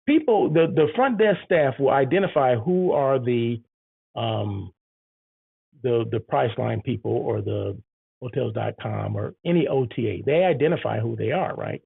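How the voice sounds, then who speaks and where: A man's voice: mid-range voice, vocal fry, husky, no echo. A man talking in a casual vlog monologue, chatty and frequently checking in with the listener. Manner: chatty, keeps checking in with "right?" and "okay?". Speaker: hotel site selection planner and vlogger. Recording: tinny phone-like sound.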